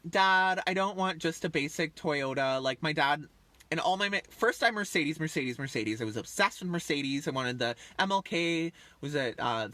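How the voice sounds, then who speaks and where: A man's voice: fairly high pitch, sharp tone, no echo. A man in his thirties rambling casually on a livestream, chatty and full of fillers, often trailing off. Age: 30s. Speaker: livestream host.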